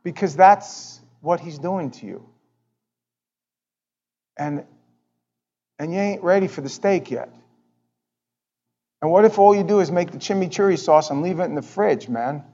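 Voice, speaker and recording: A male pastor preaching a sermon in a church, talking in an animated, conversational way and often repeating words. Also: fairly high pitch, measured pace, long pauses, muffled recording. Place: church sanctuary.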